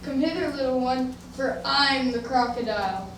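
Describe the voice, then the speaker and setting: A woman's voice: high voice, a little hiss or hum. An older woman acting a sly, coaxing crocodile in an amateur stage musical. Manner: slow, coaxing invitations. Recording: echoey hall from far off.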